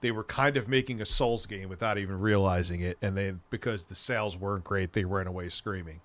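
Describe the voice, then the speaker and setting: A man's voice: deep voice, fairly quick, fairly bright tone, dry recording. A man hosting a casual livestream, chatting with viewers in a rambling, enthusiastic way and swearing freely. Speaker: streamer host.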